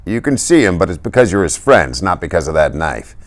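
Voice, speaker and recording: Man reading a calm, unflappable hospital doctor, firm and unhurried, storybook read. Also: sits low.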